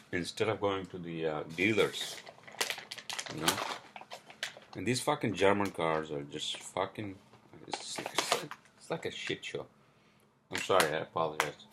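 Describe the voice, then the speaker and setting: A man's voice: lowish voice, a bit bright, slight background noise. A man hosting a solo podcast, venting in a casual, profane, frustrated rant. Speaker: podcast host.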